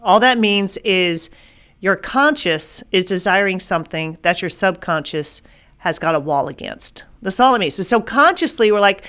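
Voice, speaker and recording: An emphatic, energetic woman hosts a faith-based motivational podcast in her own voice. She sits in an ordinary middle pitch, repeats words when she drives a point home, and voices inner thoughts as she explains them. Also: normal speed. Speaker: podcast host.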